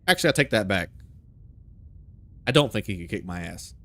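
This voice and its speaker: A man's voice: fairly low pitch, expressive, a little fast, fairly bright tone. A man hosting a live horror game stream. He talks casually, rambles, jokes and laughs a lot.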